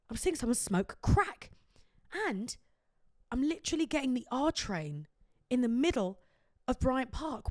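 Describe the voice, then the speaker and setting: Chatty high-voiced woman podcast host. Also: dry recording, clean studio sound. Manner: chatty, animated storytelling with frequent laughs. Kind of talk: casual chat.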